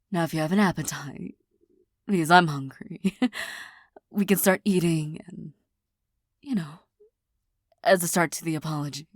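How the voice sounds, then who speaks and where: A woman in a soft, halting, apologetic whispered role-play as a girlfriend, recorded on a close mic. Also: low voice, dry recording.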